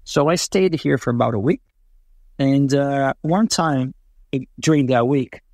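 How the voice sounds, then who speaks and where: A man from Brazil, an interview guest telling casual, animated stories with many fillers and acted-out quotes. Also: mid-range voice, a little slow, dry recording, clean studio sound. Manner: animated, acts out quoted voices, frequent fillers. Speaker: interview guest, racing driver. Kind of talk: casual storytelling.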